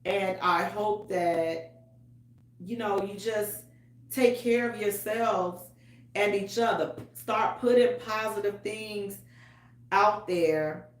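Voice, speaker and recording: Loud, chatty woman radio host. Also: medium pitch, slow pace. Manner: chatty, loud and animated, with African American Vernacular English. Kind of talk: casual chat to listeners. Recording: roomy echo.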